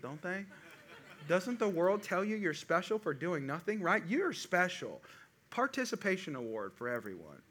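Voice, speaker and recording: A middle-aged man preaching a sermon to a congregation, with animated call-and-response delivery. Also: high-pitched. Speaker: pastor.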